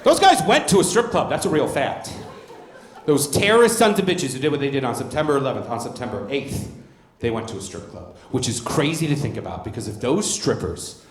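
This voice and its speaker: A man's voice: mid-range voice, very animated, a little fast, slight background noise. A male stand-up comedian performing a brash, profane, self-mocking set on a comedy club stage. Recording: roomy comedy club sound.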